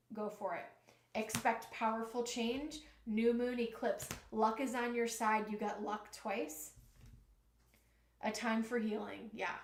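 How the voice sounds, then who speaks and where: On a live-stream tarot reading, a woman with a fairly high voice talks to spirit and to her viewers in a chatty, emotional way, nearly crying. The recording is reverberant and very noisy.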